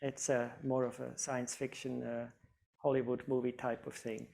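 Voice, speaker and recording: A man's voice: medium pitch, level tone, normal speed, creaky, mellow. Hesitant male panel moderator. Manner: hesitant, many fillers.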